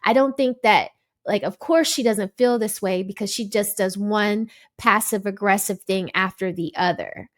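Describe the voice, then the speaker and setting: A woman's voice: medium pitch, moderate pace. A woman giving an exasperated, emphatic commentary, lecturing as she reacts to a panel clip. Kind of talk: ranting commentary.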